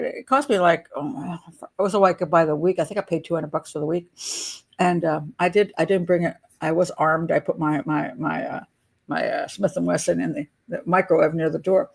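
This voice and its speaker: A woman's voice: lowish voice, creaky. An older American woman chatting and telling stories as an advice vlogger, laughing often and restarting her sentences. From United States. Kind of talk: casual storytelling.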